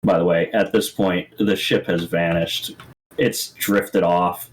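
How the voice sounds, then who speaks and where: A man narrating a tabletop game as game master, halting and repeating words as he describes the scene. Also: sits low, fairly even intonation, slight background noise, rough recording.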